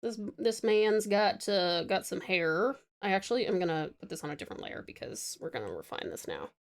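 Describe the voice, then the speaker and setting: A woman's voice: fairly low pitch, big pitch swings, a little fast, gravelly. A young Australian woman chatting casually with her live chat while drawing, swearing freely and laughing often. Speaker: VTuber streamer.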